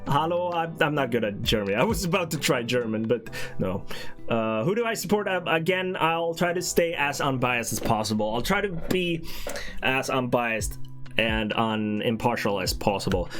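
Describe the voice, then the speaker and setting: A man's voice: fairly high pitch, fairly bright tone. A man from Sweden with a Swedish accent, hosting a casual live stream and rambling as he talks to his chat. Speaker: livestream host.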